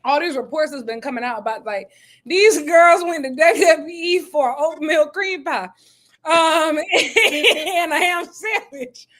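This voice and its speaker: A woman co-hosting a casual chat, animated and playful. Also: sits high, a little slow. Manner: animated, playful, laughs a lot. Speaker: podcast co-host.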